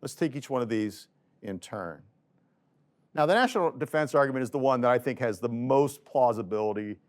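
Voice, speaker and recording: A man giving an economics lecture in a relaxed, conversational way, voicing quoted people with a lifted pitch. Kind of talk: casual video lecture.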